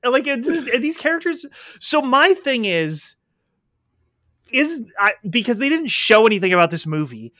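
A man in casual podcast chat, animated and quick to argue, swearing freely. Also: extremely high pitch, dry recording, studio quality.

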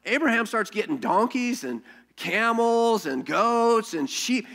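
A pastor delivers a sermon in a lively storytelling manner, peppering his talk with rhetorical questions and quick restarts. His voice is a man's, pitched a little high.

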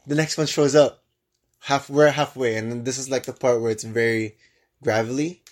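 A young man co-hosting a podcast, telling a travel story in casual chat, with lively bursts and frequent restarts. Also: mid-range voice, moderate pace. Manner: animated storyteller with many restarts. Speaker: podcast co-host.

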